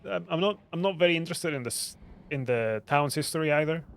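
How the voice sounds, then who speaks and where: A man's voice: fairly high pitch, lively intonation, a little fast, creaky. A man streaming a video game, musing aloud with hesitant restarts. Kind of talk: casual let's-play commentary. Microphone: podcast mic.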